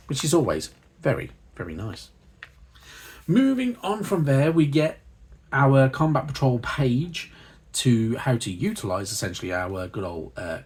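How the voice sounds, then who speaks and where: A man's voice: fairly low pitch, darkish tone, slightly rough. A man hosting a hobby channel, casually reviewing a magazine and reading passages aloud, chatty and rambling between the reading and his asides.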